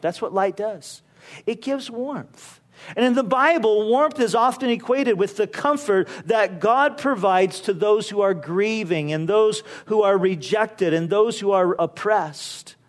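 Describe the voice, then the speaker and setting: A man with a notably high voice preaches a sermon. He tells stories in an easy, conversational way and often drops in casual asides to the listeners. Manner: conversational storytelling with frequent "you know" asides.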